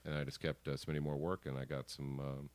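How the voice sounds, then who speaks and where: A man in his forties, a guest artist in a studio, telling animated stories with casual swearing and acted-out quotes. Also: extremely low pitch, fast, no echo. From American. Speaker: guest, poster artist and co-founder. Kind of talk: casual storytelling interview.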